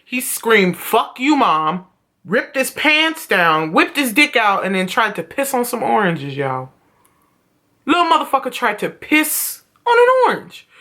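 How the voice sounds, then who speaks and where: A woman's voice: on the high side, bright, forceful tone. A young woman vlogging at home, telling stories in a blunt, profane rant. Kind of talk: casual vlog rant.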